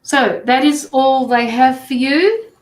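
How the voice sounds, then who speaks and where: A middle-aged woman does casual tarot and mediumship readings on a livestream, chatty, rambling, blunt, and swearing freely. Her voice sits high and moves at a slow pace, recorded with a roomy echo.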